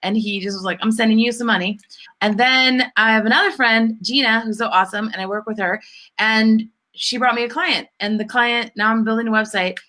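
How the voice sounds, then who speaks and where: A woman's voice: fairly high pitch, steady tone, brisk, bright, forceful tone. A woman co-hosting a spiritual business talk show, chatting casually and gushing with lots of "like" fillers. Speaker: podcast co-host. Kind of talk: casual chat.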